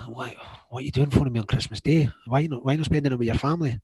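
A middle-aged Scottish man, a former footballer, telling stories in a lively way, acting out what others said and laughing along. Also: mid-range voice, racing, hardly any pauses, husky, no room sound. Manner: animated, acts out quoted dialogue, laughs often. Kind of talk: storytelling anecdotes in conversation.

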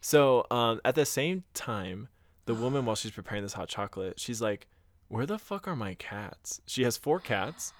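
A man's voice: mid-range voice, animated, normal speed, dry recording, studio quality. A man casually retelling a scary story on a podcast, acting out the quotes and swearing now and then. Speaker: podcast co-host.

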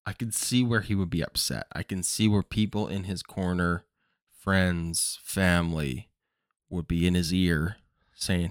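A man's voice: low voice, fairly even intonation, unhurried, dry recording, clean studio sound. A man hosting a baseball podcast, giving casual opinionated commentary and thinking aloud with frequent ums. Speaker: podcast host.

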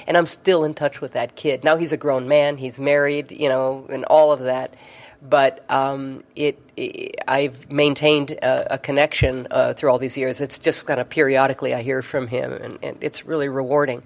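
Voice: medium pitch, flat delivery, normal speed, gravelly. A neurofeedback therapist telling a story in conversation, chatty, with frequent fillers and restarts.

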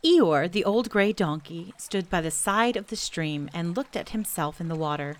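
A woman hosting a children's story podcast, reading a book aloud gently and enthusiastically. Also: lowish voice, animated, normal speed. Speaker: storybook reader and podcast host.

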